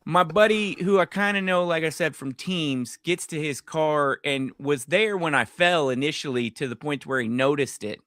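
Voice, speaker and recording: Bright-voiced dad telling a story. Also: male voice, fairly high pitch, normal speed, few pauses, dry recording, studio quality. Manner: animated storytelling, swears freely. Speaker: podcast co-host. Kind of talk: casual chat.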